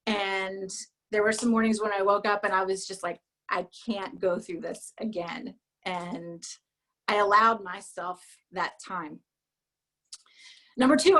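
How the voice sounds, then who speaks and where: Woman telling a personal story. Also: mid-range voice. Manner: emotional, halting, drops to a hush at sad moments. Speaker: speaker at a business event.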